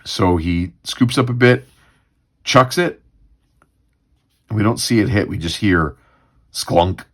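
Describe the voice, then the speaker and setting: A man's voice: on the low side, unhurried, fairly bright tone. A man hosting a comics read-through livestream, musing casually with many fillers.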